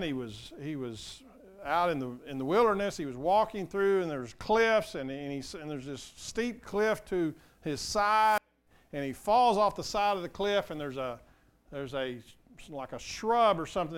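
Earnest older pastor with a clear voice. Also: male voice, sits high, a bit bright. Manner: earnest, conversational, asks the congregation questions. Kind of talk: sermon.

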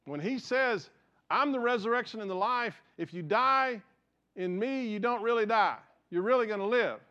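Earnest pastor preaching. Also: male voice, sits high, animated, normal speed. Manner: earnest, storytelling, swings from raised emphasis to quiet, hushed passages. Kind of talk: sermon. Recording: dull lo-fi sound.

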